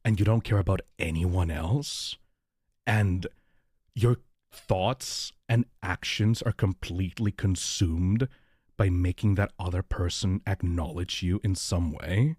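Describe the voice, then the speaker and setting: A man hosting a livestream, thanking viewers for donations and chatting in an excitable, giggly way with plenty of swearing. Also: low voice, slow, breathy edge, no room sound, clean studio sound. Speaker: livestream host reading donations. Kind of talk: casual livestream chat.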